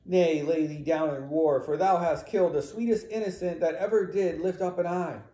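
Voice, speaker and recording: A man voicing an outraged, grieving woman servant, crying out loudly in a raised voice. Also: moderate pace, close to an everyday voice. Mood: accusing. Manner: loud, high-pitched outcries. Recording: roomy echo.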